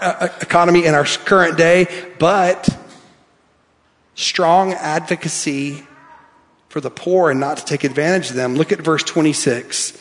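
A pastor preaching a sermon, reading scripture aloud and swinging from soft, quiet lines to emphatic ones. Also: male voice, fairly high pitch. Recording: long hall reverb.

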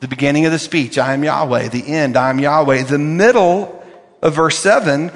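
An older man preaches from the pulpit, his voice sitting a little high for a man. He leans hard on key words and repeats them for effect. Long reverb from the sanctuary trails each phrase. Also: moderate pace. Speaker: pastor. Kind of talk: sermon.

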